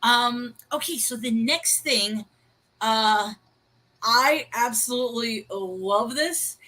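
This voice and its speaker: The recording is rough, and the woman speaks slowly in a sharp, higher-pitched voice. Co-hosting a casual livestream talk, she's chatty and laughs about her pronunciation, reading chat comments aloud and greeting viewers.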